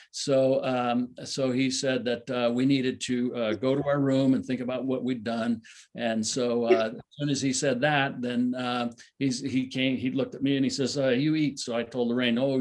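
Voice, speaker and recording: An older man with a mid-range, slightly mellow voice tells a long personal story at a satsang. It's casual spoken storytelling, rambling and full of fillers and restarts.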